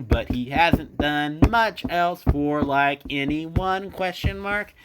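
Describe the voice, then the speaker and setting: A man's voice: on the high side, noisy background. A man hosting his own podcast, giving a casual, rambling, opinionated monologue with a sarcastic edge and plenty of fillers. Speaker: podcast host.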